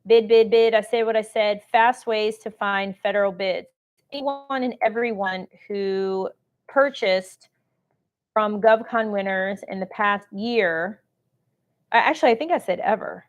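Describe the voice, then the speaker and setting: A woman's voice: medium pitch, measured pace, lo-fi sound. A woman hosting a live-streamed shopping show, talking chattily and salesy while reading out and answering viewer comments. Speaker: host of a live shopping stream on government contracting.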